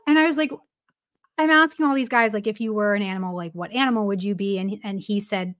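A woman's voice: medium pitch, quick pace. A woman who is a baseball reporter, guesting on a podcast and telling a story casually with plenty of "like" fillers and some laughter.

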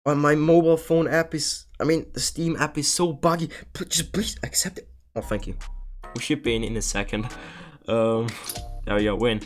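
A man's voice: fairly high pitch, moderate pace, soft background music. A young man streaming online gambling, talking casually to viewers, often pleading and swearing in exasperation.

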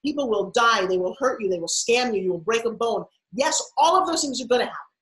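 A woman giving an energetic motivational talk as a podcast guest, emphatic and playful. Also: fairly high pitch, fairly quick, reverberant, poor audio. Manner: emphatic, animated, playful asides.

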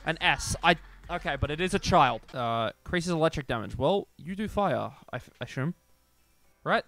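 A young man streaming a video game, commenting with profane jokes and sudden yelling bursts. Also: on the high side, lively intonation, normal speed, no room sound. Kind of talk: gameplay commentary. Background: faint game music.

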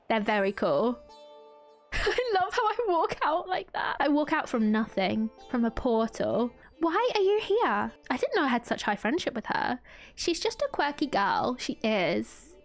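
High, bubbly woman gaming streamer. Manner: excitable and gushing, with frequent gasps and laughs. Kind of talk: casual let's-play commentary.

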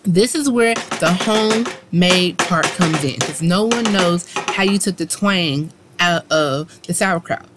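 A woman's voice: fairly low pitch, slow, hardly any pauses, very noisy. A woman hosting a home cooking video, chatty and encouraging as she talks viewers through each step in her kitchen. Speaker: cooking channel host. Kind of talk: casual cooking demonstration. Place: home kitchen, food frying in pan.

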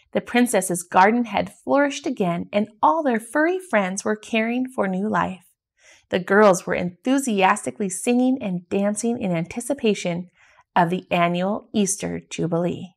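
A woman reading a children's picture book aloud in a steady, gentle storytelling manner. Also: mid-range voice, gravelly. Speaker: storybook reader.

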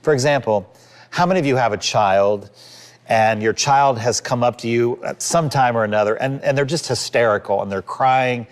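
A man's voice: mid-range voice, moderate pace. Earnest man in his fifties preaching. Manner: earnest, conversational preaching with acted-out quotes. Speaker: pastor. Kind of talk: sermon.

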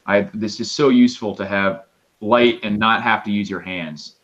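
Low-voiced man on dull lo-fi audio. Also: normal speed. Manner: relaxed, describing gear at length. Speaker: podcast co-host. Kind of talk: casual chat.

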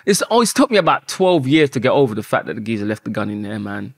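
A man, a podcast guest telling a story in an animated way and swearing often. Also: medium pitch, fast talker, few pauses, dry recording, studio quality.

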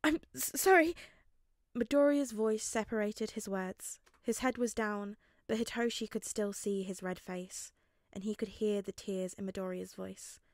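A woman reading fanfiction aloud as narration, in a gentle, measured way. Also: medium pitch, steady tone, dry recording, clean studio sound. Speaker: podfic reader.

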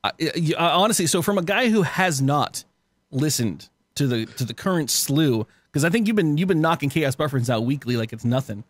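A man's voice: on the high side, expressive, brisk, dry recording, studio quality. A man co-hosting a podcast in casual chat, tipsy, laughing and swearing as he rambles. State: tipsy from cocktails. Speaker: podcast co-host.

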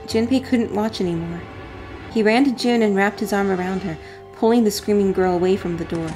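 A woman's voice: mid-range voice, brisk, dark tone, soft background music. A woman reading a visual novel aloud for a gameplay video and breaking in with dry asides. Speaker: let's play narrator.

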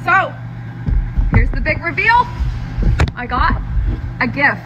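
A woman in a casual unboxing vlog, gushing and excitable, repeating herself with delight. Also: sits high, takes it slowly, music in the background, poor audio. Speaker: vlogger unboxing a gift.

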